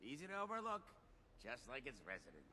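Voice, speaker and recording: A man's voice: mid-range voice, wildly swooping pitch, quick pace, bright, forceful tone, a little hiss or hum, heavily acted. An actor playing a sickly, wry male bounty office keeper in a video game, speaking in a dry drawl broken by coughs. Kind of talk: video game character dialogue.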